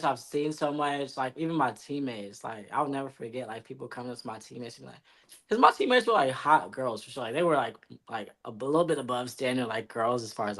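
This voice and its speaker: A woman on a podcast panel talking frankly and laughing as she shares experiences. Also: rumbling low. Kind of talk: casual chat.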